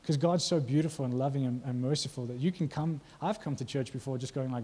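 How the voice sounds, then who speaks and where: Warm, husky-voiced male preacher. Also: fairly high pitch, brisk. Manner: conversational, asks the congregation questions. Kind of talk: sermon.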